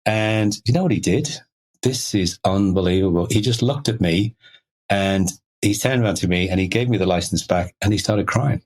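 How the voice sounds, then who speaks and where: Brief: middle-aged man, lowish voice, chatty interview guest, loose and rambling. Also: normal speed, darkish tone. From Liverpool, England. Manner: rambling, many "you know" fillers. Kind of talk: conversational storytelling.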